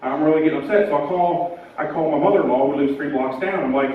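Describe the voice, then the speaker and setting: Brief: male comic, deadpan storyteller, high voice, dull live-club sound. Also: quick pace, a little hiss or hum. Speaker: stand-up comedian. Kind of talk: stand-up set. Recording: echoey club from far off, dull.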